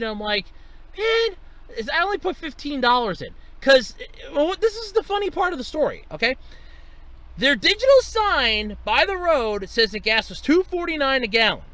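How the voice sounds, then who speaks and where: A man's voice: very high voice, pushed and bright. A man hosting a solo podcast, telling an everyday story in an exasperated, swearing ranting manner and jumping up in voice when he quotes himself. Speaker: podcast host. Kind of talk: solo casual rant.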